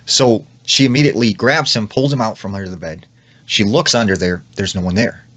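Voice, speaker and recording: A man's voice: fairly low pitch, brisk, a bit bright, slightly rough. A man casually retelling a creepy story, full of "like" and quoted lines. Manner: retells with lots of "like" and acted quotes. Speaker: storyteller in clip.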